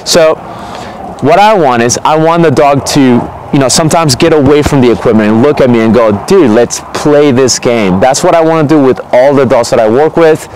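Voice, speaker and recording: A man talks through a dog training technique in an easygoing, chatty way, often pausing to ask "okay?". His voice sits at an ordinary middle pitch. It was recorded outdoors, with faint vehicle noise in the background. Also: poor audio. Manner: relaxed, conversational, frequent "okay?" check-ins. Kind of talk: casual instructional talk.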